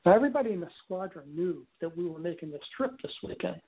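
A gravelly, high-sitting male voice moves fast, with lively intonation. The guest spins a long personal story casually and ramblingly, peppered with fillers and restarts, over a tinny phone line.

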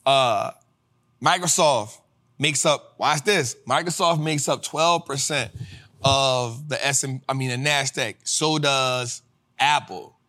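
A male host teaching personal finance to a live audience in a casual, slang-filled way, swinging into sermon-like, sung-out shouts. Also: medium pitch, slow. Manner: preacher-like cadence, rising to shouts. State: tired after a flight. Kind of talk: motivational livestream teaching.

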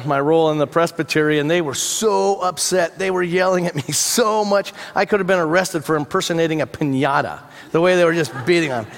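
High-voiced man preaching a sermon. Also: fairly bright tone. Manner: conversational storytelling with humorous asides. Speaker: pastor. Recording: long hall reverb.

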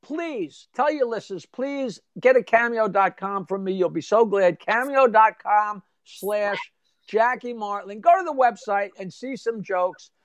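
A man's voice: high voice, no echo. An older man, a comedian guest telling jokes and chatting playfully in an interview. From Long Island, New York. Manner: rapid joke delivery, playful and self-mocking. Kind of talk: casual interview and joke telling.

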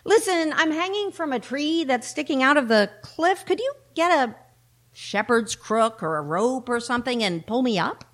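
A woman voicing a panicky female sheep hanging from a cliff, bleating and pleading in a high, loud voice. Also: expressive, moderate pace. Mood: eager, impatient.

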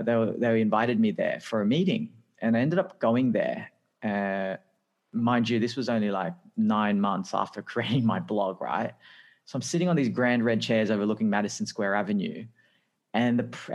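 An Australian man in his thirties, a podcast guest telling his career story in a lively, anecdotal way with frequent laughs. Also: lowish voice, lo-fi sound. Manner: lively anecdotal, acts out dialogue, laughs often. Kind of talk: casual interview storytelling.

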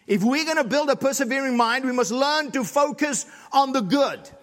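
A man pastor preaching a sermon, repeating emphatic lines and rising to shouts. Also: very high-pitched, normal speed. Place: church sanctuary. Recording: long hall reverb.

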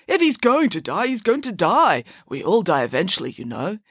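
A woman's voice: medium pitch, wildly swooping pitch, normal speed, fairly bright tone, breathy edge, dry recording, clean studio sound, heavily acted. A woman voicing a naive, easily pleased nobleman who chats cheerfully. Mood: chatty.

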